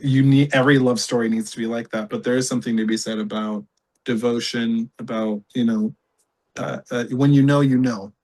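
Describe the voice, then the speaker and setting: A man in his thirties chatting as a podcast guest. He rambles, swears and stacks fillers in an animated run. His pitch sits in an ordinary middle range. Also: a little fast. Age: 30s. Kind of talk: casual chat.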